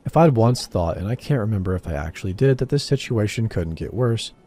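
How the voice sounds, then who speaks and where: A man reading a first-person horror story as scripted narration, measured and wry. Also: lowish voice, lively intonation, mellow.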